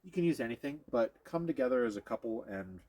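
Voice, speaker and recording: Speaking quickly with a warm, mid-range voice and lively intonation, a man demonstrates dog training hands-on, explaining every step to viewers. He breaks off occasionally to encourage or praise the dog. There's slight background noise.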